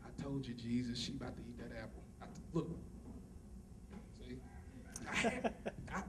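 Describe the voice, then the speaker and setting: A man's voice: mid-range voice, lively intonation, normal speed, natural voice. A man voicing an exasperated God who fusses in a told-you-so way, caught on a distant mic with faint noise. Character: exasperated God, an older male deity scolding.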